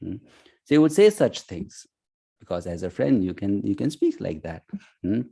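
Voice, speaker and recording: A man teaching an online scripture class, talking conversationally with frequent "you know" and "hmm", and chanting verses slowly. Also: fairly low pitch, very animated, gravelly, mellow. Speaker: course teacher. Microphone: online class audio.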